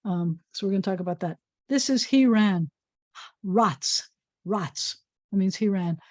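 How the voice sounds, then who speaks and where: A woman's voice: medium pitch, animated, mellow, dry recording. Patient woman rabbi teaching Hebrew letters. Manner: patient, playful teacher sounding out letters slowly. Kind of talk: informal recorded lesson.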